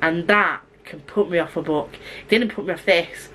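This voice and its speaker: A woman talking quickly and chattily as a book vlogger, gushing in a casual review with asides and restarts. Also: on the low side, bright, forceful tone, slight background noise, low-quality recording.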